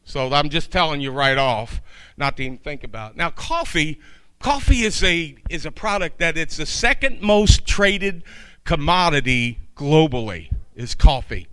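A man's voice: fairly high pitch, expressive, normal speed, fairly bright tone, smooth, dry recording. A man preaching a sermon in a folksy, chatty way, with asides to his congregation.

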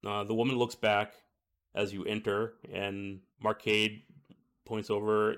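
A man's voice: on the low side, little pitch movement, unhurried, a bit bright. A man narrating a tabletop game as game master, in a casual way with frequent fillers.

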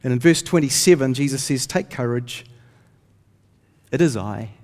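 Here a pastor with an animated, mid-range, slightly mellow voice preaches at normal speed. His storytelling is earnest, and he lifts his voice for scripture readings, all captured with long hall reverb.

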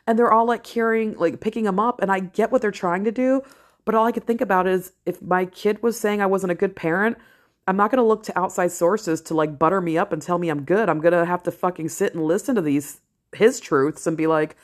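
A middle-aged woman talking straight to camera in a casual vlog, blunt and candid, swearing freely and slowing down to stress key phrases. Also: lowish voice. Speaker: vlogger, parent and ER worker. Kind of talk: casual talking-head commentary.

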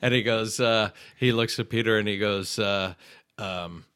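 A middle-aged man chats casually as a podcast guest, slipping into voices as he tells stories. His tone is bright and forward, and the recording sounds dry and close. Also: lowish voice, a little slow, clear, resonant tone, no echo. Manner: animated storyteller, acts out voices in anecdotes.

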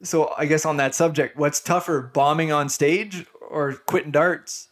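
A man's voice: on the high side, steady tone, measured pace. A man hosting a casual podcast chat, joking and steering the conversation with questions. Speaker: podcast host.

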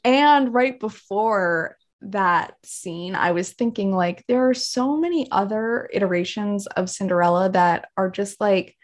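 Musing woman chatting about a movie. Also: mid-range voice. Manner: musing, reflective, many filler likes. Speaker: podcast co-host. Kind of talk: casual chat about a movie.

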